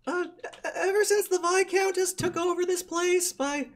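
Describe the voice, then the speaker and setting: A man's voice: steady tone, normal speed. A man voicing a timid little male kobold servant who stammers nervously. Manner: stammering, squeaky, hesitant.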